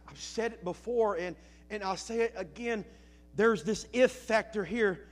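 High-voiced preacher man. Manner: preaching with rising and falling intensity, slow emphatic phrases. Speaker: pastor. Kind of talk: sermon.

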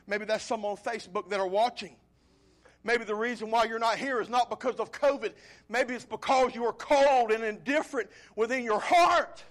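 High-voiced pleading preacher man. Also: normal speed. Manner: swings from loud pleading to soft low storytelling. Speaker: pastor. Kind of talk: sermon.

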